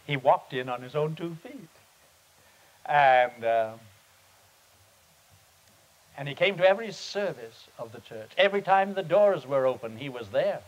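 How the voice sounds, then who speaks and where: A man, a pastor, teaching on prayer at a seminar and telling a story in an earnest, halting, unhurried way. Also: on the high side, muffled recording. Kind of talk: sermon-style teaching with storytelling. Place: seminar meeting.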